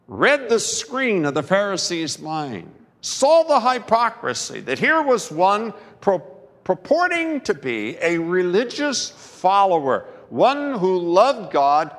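A man preaching a sermon as pastor, telling a story slowly and emphatically with dramatic pauses, recorded in a church sanctuary. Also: high voice, fairly bright tone. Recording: long reverb of a large church hall.

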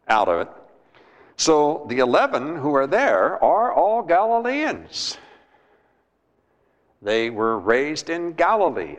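Man, preacher, sermon, emphatic, swooping pitch, reverberant hall. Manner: emphatic, repeats words, asks the listeners questions.

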